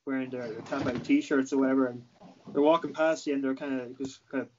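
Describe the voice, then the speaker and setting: A man's voice: mid-range voice, fairly even intonation, quick pace, a little mellow, a little hiss or hum. A man co-hosting a podcast, chatting casually and agreeably, backing up the other speaker. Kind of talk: casual chat. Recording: dull lo-fi audio.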